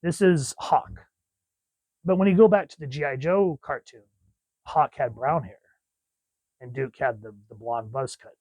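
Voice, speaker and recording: A man's voice: medium pitch, a little slow, pauses often, darkish tone, no room sound, rough recording. A man reviewing comic books in a casual, rambling and enthusiastic way. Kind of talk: casual chat.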